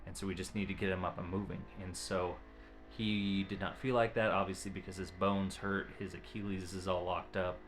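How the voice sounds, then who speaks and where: A man speaks to his own camera in a casual vlog update, his voice sitting on the low side. He talks haltingly, pausing and restarting phrases as he gathers his thoughts. A faint hiss runs under the recording. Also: flat delivery. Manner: halting, searches for words, often restarts phrases. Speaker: father giving a family update. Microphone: camera he adjusts himself.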